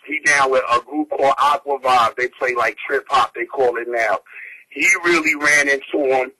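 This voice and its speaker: Slangy New man, bright tone. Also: medium pitch, fairly even intonation, normal speed, poor audio. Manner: slangy, laid-back street talk. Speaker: interviewee. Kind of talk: casual storytelling.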